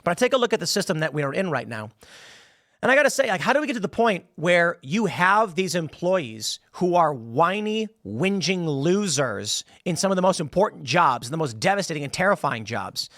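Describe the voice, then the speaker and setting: A man's voice: on the high side, big pitch swings, normal speed, fairly bright tone, no echo. A man hosting opinionated political commentary in a combative, sarcastic manner from a small studio.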